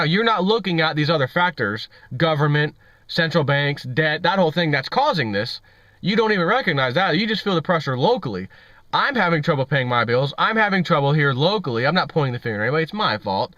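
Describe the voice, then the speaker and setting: A man's voice: a little high, lively intonation, fast talker, pushed and bright, no room sound. A man hosting an opinionated financial commentary vlog, ranting and repeating himself with scorn. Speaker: vlog host. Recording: dull lo-fi audio.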